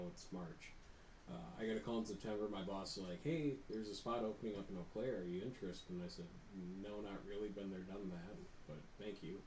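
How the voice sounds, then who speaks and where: Podcast co-host, man with a lowish voice, chatty and animated, recorded in an echoey studio. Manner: animated storyteller, laughs while telling. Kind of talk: casual chat. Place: shared studio. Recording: roomy studio with faint noise.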